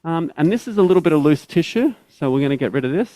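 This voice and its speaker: A man's voice: on the high side, expressive, quick pace, mellow, no echo, low-quality recording. A man, a surgeon, giving step-by-step teaching commentary during a live operation, often checking in with tag questions.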